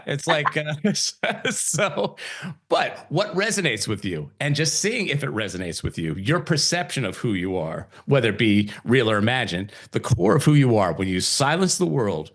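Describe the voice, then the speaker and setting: A man's voice: mid-range voice, normal speed. Laid-back man hosting a spiritual podcast. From Italian heritage. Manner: relaxed, laughs often, acts out quoted voices. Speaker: podcast host. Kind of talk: casual spiritual conversation.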